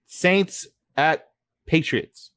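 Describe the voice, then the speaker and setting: A man's voice: fairly high pitch, extremely slow, a bit bright, smooth, no echo, studio quality. A man hosting a sports podcast, casually reading out each matchup and making his picks. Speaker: podcast host.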